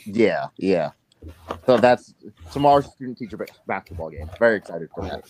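A man's voice: on the low side, lively intonation, moderate pace, darkish tone. A young man hosting a podcast, rambling through a profane story with lots of fillers. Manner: rambling, profane anecdote-telling with many fillers. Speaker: podcast host. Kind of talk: casual storytelling chat.

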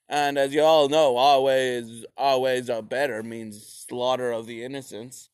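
A man's voice: mid-range voice, fairly even intonation, unhurried, clear, resonant tone, dry recording, clean studio sound. A man giving a rambling, profane, jokey retelling of history, slipping into silly voices. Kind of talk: profane comic history rant.

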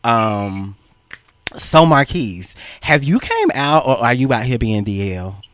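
A man's voice: mid-range voice, big pitch swings, slow, fairly bright tone, no room sound. Blunt, profane young man, dry sound. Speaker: podcast host. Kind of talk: casual chat.

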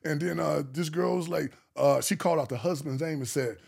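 A man telling stories as a podcast guest in a casual, animated and slangy way. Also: on the high side, moderate pace, vocal fry. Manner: animated, slangy, laughing storyteller. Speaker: guest, male stripper. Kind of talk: casual storytelling.

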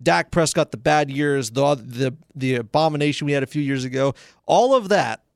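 A young man co-hosting a sports podcast, excitable and quick to argue in casual chat. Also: mid-range voice, dry recording, clean studio sound. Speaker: podcast co-host.

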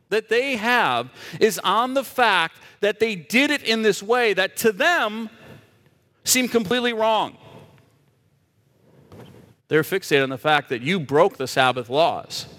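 A man's voice: very high-pitched, pushed and bright, big-room sound. A man preaching a sermon as a pastor, emphatic and asking the audience rhetorical questions.

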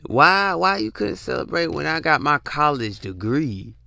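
Young guy ranting, cussing and slangy, kinda high voice, dry close mic. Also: sing-song, measured pace, gravelly, hardly any pauses, bright, forceful tone, dry recording. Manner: blunt, profane, slangy, repeats himself for emphasis. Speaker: podcast host. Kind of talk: casual monologue rant.

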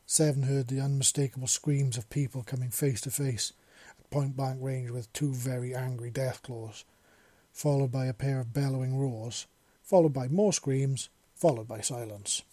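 A man narrating a story in a steady storytelling manner. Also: medium pitch, normal speed, no room sound. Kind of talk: audiobook narration of fan fiction.

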